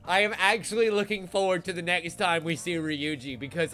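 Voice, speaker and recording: A young man commentating a live game stream, swearing freely and cracking up at what he sees. His voice is high for a man and bright, with a sharp edge. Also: fairly even intonation, moderate pace, few pauses, soft background music. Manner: profane, laughing, giddy.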